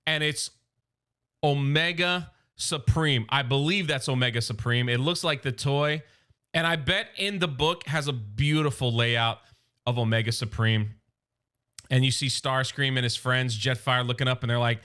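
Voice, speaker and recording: A man casually recapping a comic book story, chatty and excitable, acting out the characters' lines as he goes. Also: a little high, unhurried.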